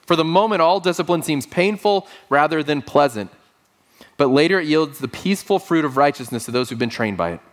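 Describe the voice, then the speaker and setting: A man preaching a sermon to a congregation, rising and falling sharply in pitch, with humorous stories told in deadpan quoted lines. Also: a little fast. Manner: lively preaching with sudden pitch leaps and quiet asides. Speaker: pastor.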